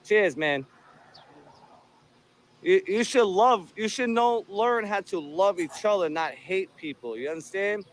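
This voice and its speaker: Holding his phone as he films outside, a man whose voice sits high and unhurried confronts strangers. He taunts them with profanity and a combative attitude for his street video.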